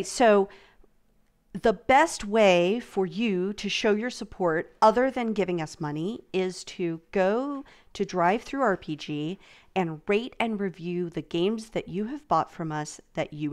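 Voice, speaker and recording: A woman hosting a convention panel in casual chat, rambling with fillers and restarts. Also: medium pitch. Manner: chatty, trailing off, many fillers and restarts. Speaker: panel host.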